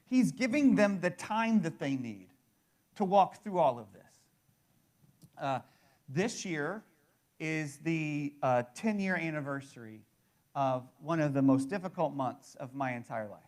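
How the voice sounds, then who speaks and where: A man's voice: a little high, expressive, unhurried, a little mellow. A man in his thirties preaching a sermon in a conversational way, often restarting and checking in with the listeners. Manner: conversational, repeats words and restarts, fills with "right?". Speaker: pastor.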